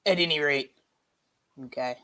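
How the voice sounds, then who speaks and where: A woman with a slightly low voice hosts a relaxed livestream chat and reads viewer comments aloud. She talks in an animated way and laughs often, calling her audience "y'all". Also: moderate pace. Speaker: livestream host.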